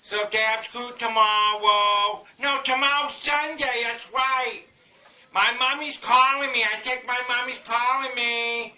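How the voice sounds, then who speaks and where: A man's voice: very high-pitched, steady tone, unhurried, pushed and bright, heavily acted. Man doing a childlike Southern boy, East Tennessee twang, brassy tone, echoey and distant. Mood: chatty. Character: sweet simple-minded ten-year-old boy. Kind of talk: comedy skit monologue. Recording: roomy, away from mic.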